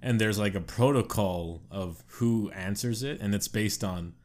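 A man co-hosting a podcast who chats casually and thinks out loud, explaining his view in long, rambling stretches with restarts. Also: on the low side, a little slow. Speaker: podcast co-host. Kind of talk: casual chat.

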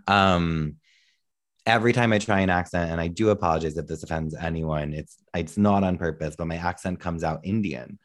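A man's voice: low-pitched, moderate pace. A man, a musician and actor, telling stories as a podcast guest in an earnest, self-deprecating way. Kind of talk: casual interview chat.

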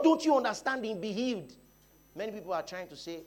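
A Nigerian man preaching a sermon, dropping to quiet talk and rising to loud shouts, often repeating his phrases. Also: sits high, lively intonation, a little fast, a little hiss or hum. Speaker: pastor. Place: church hall.

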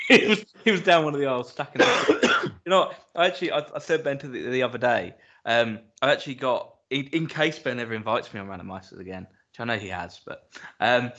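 A man, co-hosting a podcast, chatting casually with many halting restarts. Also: mid-range voice, a bit bright. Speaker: podcast co-host. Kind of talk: casual chat.

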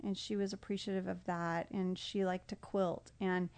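Podcast guest, middle-aged woman, slight fry in the voice, speaks softly and tenderly about what she remembers. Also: on the low side, little pitch movement, moderate pace. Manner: reflective, tender, often emotional, laughs easily. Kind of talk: casual heartfelt conversation.

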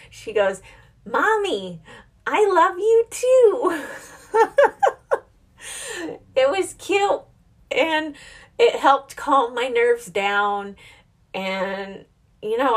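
Chatty young mom talking to camera. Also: female voice, mid-range voice. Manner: chatty and rambling, self-reflective, laughs easily. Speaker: mother vlogger. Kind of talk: casual chat.

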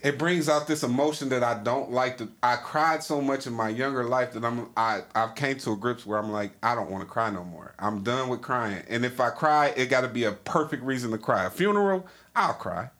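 A man's voice: mid-range voice, brisk, few pauses, a bit bright. Podcast host, man, AAVE slang, candid, rambling, casual chat.

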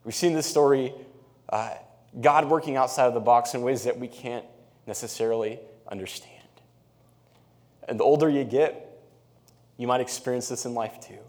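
A man giving a sermon in an easy, conversational way, his voice sitting in a middle male range. He gets animated as he tells the story and reads scripture aloud. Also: medium pitch, moderate pace, long pauses. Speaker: pastor.

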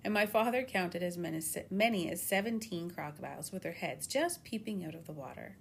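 A woman narrating a children's storybook in an expressive, animated way. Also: on the low side, brisk, vocal fry, slightly rough. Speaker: audiobook narrator.

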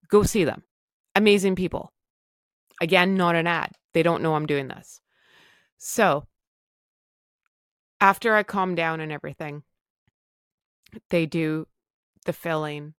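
A woman from Canada shares a personal recovery story in a candid, chatty monologue with self-deprecating asides. Her voice sits low. The recording is dry and close, with no room sound. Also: dry recording. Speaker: podcast host.

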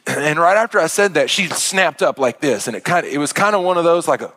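A middle-aged man, a pastor, telling a story in a sermon with many halting restarts. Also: fairly high pitch, expressive, pushed and bright, dry recording.

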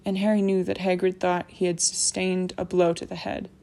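A woman narrating a novel aloud in a steady, measured storytelling manner. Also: lowish voice. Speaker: audiobook narrator. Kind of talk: scripted narration.

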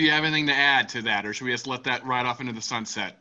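A man hosting a casual sports podcast, energetic and swearing freely as he moderates the panel. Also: medium pitch, racing, hardly any pauses, dull audio. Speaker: podcast host.

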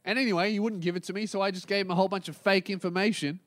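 Aussie guy swearing his way through a podcast rant, kinda high voice, does little mocking voices of people, dead dry sound. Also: fairly even intonation, a bit bright, no room sound. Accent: Australian. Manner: ranting, swearing, mimicking others in quick asides. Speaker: podcast host. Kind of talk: profane comedic rant.

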